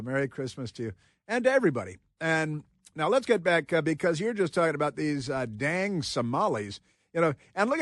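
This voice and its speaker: A man's voice: fairly high pitch, dry recording, clean studio sound. Emphatic talk radio host, a man. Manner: rambling, emphatic, laughs often. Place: radio studio. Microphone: studio microphone.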